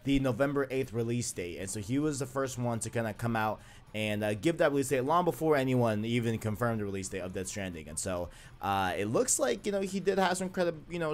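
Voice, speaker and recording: A man hosting a casual gaming news video, chatting loosely with many fillers and restarts. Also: mid-range voice.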